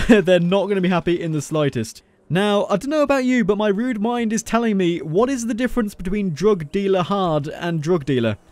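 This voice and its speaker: A man's voice: sits high, expressive, normal speed, a little mellow, no room sound. A man giving casual gameplay commentary as a video creator, playful and jokey, teasing the character on screen.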